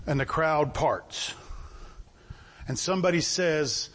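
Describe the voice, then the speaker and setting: A man preaching a sermon as pastor, impassioned and rising to loud bursts. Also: sits high, animated, normal speed, slightly rough.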